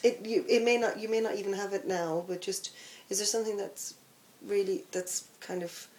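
A woman's voice: medium pitch, steady tone, moderate pace, a little mellow. A woman interviewer asking casual questions in a chatty, rambling way, often restarting her sentences.

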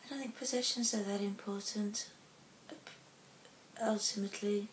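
A woman's voice: mid-range voice, fairly even intonation, moderate pace, far from the mic, a little hiss or hum. Hesitant woman in an echoey room. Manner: hesitant, searching for words. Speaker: singer-songwriter guest. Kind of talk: casual interview answers.

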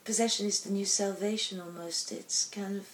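A woman's voice: mid-range voice, steady tone, moderate pace, echoey room, recorded from a distance, a little hiss or hum. A woman singer-songwriter answering interview questions casually and hesitantly, often searching for her words.

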